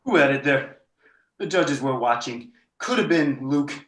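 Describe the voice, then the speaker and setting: Bright, echoey taekwondo instructor calling drills. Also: mid-range voice, lively intonation, a little slow. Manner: barks counts and drill commands, loud kiai yells. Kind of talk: leading a virtual belt test. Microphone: video call. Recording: roomy echo, far from the mic.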